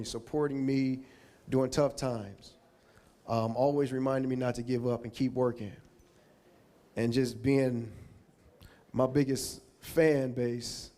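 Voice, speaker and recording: A man's voice: medium pitch, steady tone, measured pace, long pauses, dark tone. A man at an awards podium, speaking in a mid-range voice. His speech is heartfelt and loose, full of restarts as he moves from one thank-you to the next. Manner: emotional, rambling, thanking people one by one. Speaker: Hall of Fame inductee giving an acceptance speech.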